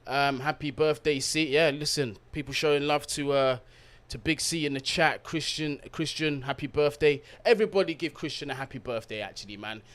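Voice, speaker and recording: A man's voice: a little high, normal speed. Upbeat man hyping his stream chat. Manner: upbeat, shouts out viewers in slang. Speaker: football watch-along streamer.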